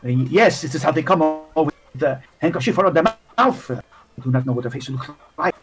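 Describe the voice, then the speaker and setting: A man's voice: on the high side, expressive, brisk, music in the background. A man doing a hesitant old townsman. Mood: nervous. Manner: hesitant, full of stammering fillers. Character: nervous old man witness. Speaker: game master voicing a townsperson.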